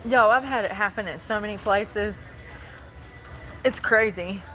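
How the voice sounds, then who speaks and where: A woman's voice: medium pitch, unhurried, background noise. A woman live streaming on her phone while shopping in a large store, rambling to her chat and complaining about others.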